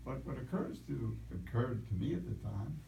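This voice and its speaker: A man's voice: medium pitch, lively intonation, normal speed, vocal fry, dark tone, dull audio, a little hiss or hum. A man in the audience asks a question, musing and searching for his words. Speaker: audience member asking a question. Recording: distant voice in an echoey room.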